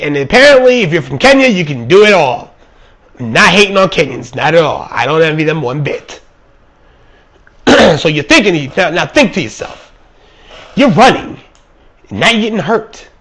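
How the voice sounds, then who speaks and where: A young man delivering an angry, sarcastic, profanity-filled comedic rant, mocking and shouting at his listeners. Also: on the high side. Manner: angry, sarcastic, swearing constantly, shouts and mocks. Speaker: vlog ranter.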